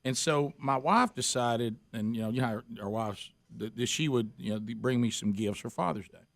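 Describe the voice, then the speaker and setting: This man hosts a talk-radio show, spinning casual stories at a moderate pace and voicing the characters with lively energy. His pitch sits in the middle, and the sound has no echo.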